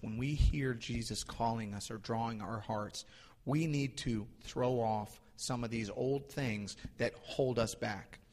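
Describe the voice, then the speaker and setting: A man preaching a sermon as a pastor, animated, rising for emphasis and slowing on key lines. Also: medium pitch. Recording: long hall reverb.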